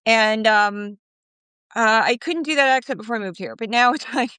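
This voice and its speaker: Bright-voiced animated middle-aged woman. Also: on the high side, clean tone, dry recording. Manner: animated, quick, laughing asides. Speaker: podcast guest. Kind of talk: casual interview chat. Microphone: phone.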